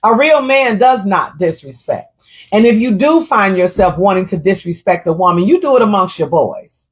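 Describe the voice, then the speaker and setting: Here a middle-aged woman runs a laid-back livestream, her pitch mid-range and her speed ordinary. She tells an indignant, animated story and voices viewer comments as she goes.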